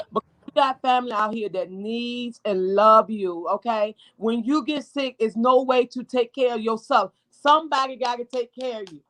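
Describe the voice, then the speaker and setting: A woman's voice: fairly high pitch, fairly bright tone. Tearful middle-aged woman, raw and blunt. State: emotional, near tears. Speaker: mother of a hospitalized daughter, guest. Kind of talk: emotional personal testimony.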